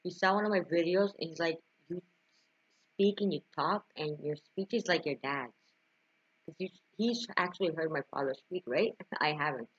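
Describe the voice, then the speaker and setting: A woman's voice: low voice, normal speed, breathy edge, highs cut off. A young woman vlogging to camera, telling a personal story with emotion, laughing and sighing at times. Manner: emotional, tearful at times, frequent laughs and sighs.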